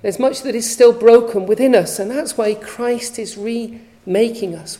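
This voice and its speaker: A woman's voice: medium pitch, warm tone, rough recording. A woman preaching a sermon, reading scripture aloud with earnest emphasis and rhetorical questions.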